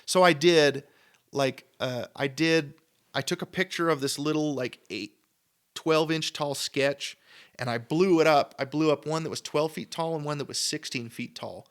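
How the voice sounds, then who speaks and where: A man from Idaho with a clean-toned voice on the high side talks at normal speed. As a guest sculptor in a podcast studio, he tells casual stories in an enthusiastic, rambling way, filled with "like" and quoted back-and-forth.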